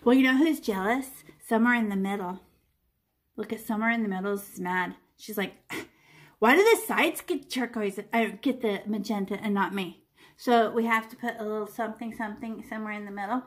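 A woman with a fairly high voice leads young children through a painting lesson. She keeps it chatty and playful and breaks into little sound effects and silly voices as she demonstrates. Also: fairly bright tone. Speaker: art teacher.

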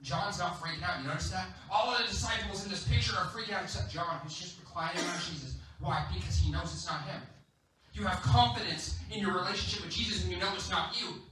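A man preaching as a guest speaker at a church, telling the story in an animated, playful, emphatic way. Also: high-pitched, fast talker, noisy background. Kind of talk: sermon. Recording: echoey church hall, distant mic.

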